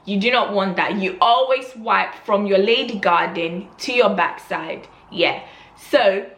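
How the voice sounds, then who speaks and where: A young woman vlogger telling an embarrassing story in an animated way, acting out the scene. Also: medium pitch, unhurried, echoey room. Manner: animated storytelling with loud gasping reenactments. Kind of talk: storytime vlog.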